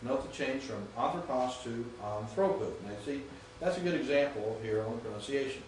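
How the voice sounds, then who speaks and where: A man's voice: medium pitch, lively intonation, a little fast, far from the mic, a little hiss or hum. Echoey classroom lecture by a man. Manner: patient, checks understanding often. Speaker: Greek teacher. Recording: echoey room recorded from afar.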